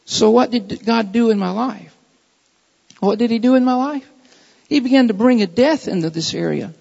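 A man's voice: very high voice, creaky, a little mellow. A man preaching a sermon in a church, earnest and repeating his phrases for emphasis. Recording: dull lo-fi recording with long hall reverb.

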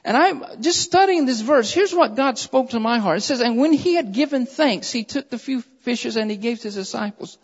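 A man preaching a sermon who reads scripture aloud in a measured way and presses his points with repeated phrases, calling his listeners beloved. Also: very high-pitched, expressive. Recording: dull lo-fi recording in a reverberant hall.

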